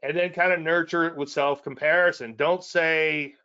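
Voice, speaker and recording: A man's voice: on the high side, steady tone, moderate pace, bright, forceful tone, clean tone, lo-fi sound. Folksy Cajun man presenting to traders. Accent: Cajun Louisiana. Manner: repetitive, folksy, self-deprecating asides. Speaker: trading educator presenting.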